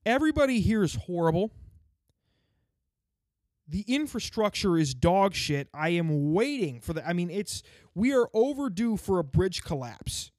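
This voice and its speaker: Very animated yet measured in pace, a man with a high, slightly mellow voice delivers a sarcastic, furious stand-up style rant packed with swearing, aimed at his own home state. The studio sound is clean, with no room sound.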